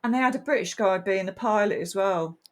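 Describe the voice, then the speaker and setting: Wry woman with a middle-pitched voice. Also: brisk. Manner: wry, blunt, swears casually. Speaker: podcast co-host. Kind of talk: casual film-review chat.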